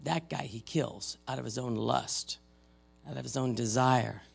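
Older male preacher, gravelly voice, talks plainly, then swells loud for scripture. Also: mid-range voice, measured pace, soft background music. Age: 50s or older. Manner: conversational preaching, dramatic readings of scripture, swings between loud and soft. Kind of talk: sermon.

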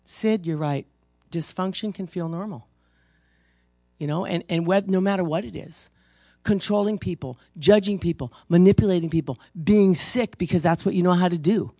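Gravelly, emphatic preacher man, dry sound. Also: sits high, normal speed, a little mellow, no room sound. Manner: emphatic, storytelling, frequent restarts. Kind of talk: conversational ministry teaching.

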